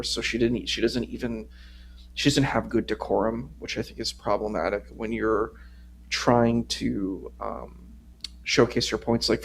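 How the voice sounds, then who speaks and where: A man guesting on a livestream, critiquing a debate in a measured, rambling, casual way. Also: on the low side, vocal fry, slight background noise. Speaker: stream co-host guest. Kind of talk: casual discussion.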